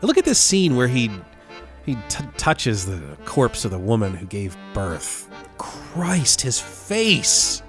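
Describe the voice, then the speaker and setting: A man's voice: mid-range voice, wildly swooping pitch, slow, a bit bright, faint music behind. A man hosting a film review video, talking in casual comedic commentary with a wry, self-deprecating humor.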